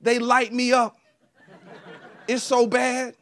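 A middle-aged American man preaching a lively sermon, telling personal stories and swinging between loud punches and quiet asides. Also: very high voice, slow. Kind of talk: energetic sermon.

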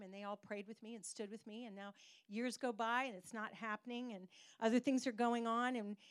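A middle-aged woman pastor preaching a sermon, telling a personal story in an animated way with pauses for emphasis. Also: fairly high pitch, clear, resonant tone, no room sound.

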